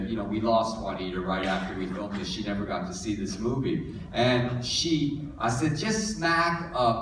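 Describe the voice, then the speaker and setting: A man, a writer-director chatting and telling animated anecdotes at a screening Q&A. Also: medium pitch. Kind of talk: casual Q&A storytelling. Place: theater after a screening. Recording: echoey hall from far off with noise.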